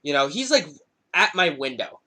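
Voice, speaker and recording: A man's voice: on the high side, moderate pace. A young man hosting a podcast, telling a story casually with a lot of swearing. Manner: profane, animated storytelling. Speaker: podcast host. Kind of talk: casual chat.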